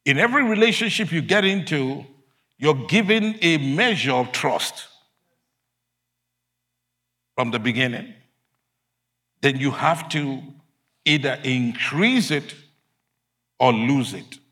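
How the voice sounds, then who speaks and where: A man preaching a sermon, emphatic, swinging between loud declarations and quiet asides. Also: medium pitch, animated, slow pace, pauses often.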